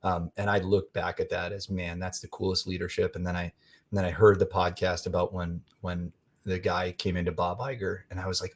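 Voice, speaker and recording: A man, a podcast guest, telling a rambling, animated story in casual conversation. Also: sits low, a little fast.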